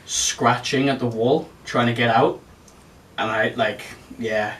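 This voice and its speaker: A man's voice: medium pitch, fairly even intonation, takes it slowly, a bit bright. A young man in his twenties, telling a story on a casual podcast chat. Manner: jokey, laughs a lot, slips into silly accents. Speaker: podcast co-host. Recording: echoey room, mic far off, faint noise.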